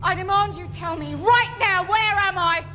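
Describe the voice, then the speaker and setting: A woman's voice: extremely high pitch, moderate pace, pushed and bright, faint music behind. A woman playing a brash, indignant bride, accusing and demanding. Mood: outraged.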